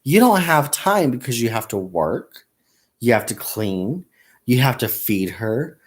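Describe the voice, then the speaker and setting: A man voicing his stern, practical middle-aged mother, speaking low, quiet and matter-of-fact. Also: big pitch swings, a little slow. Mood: lecturing.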